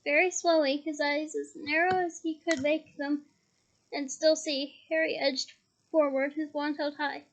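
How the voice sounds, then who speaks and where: High-voiced woman reading a novel aloud. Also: little pitch movement, measured pace. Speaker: reader.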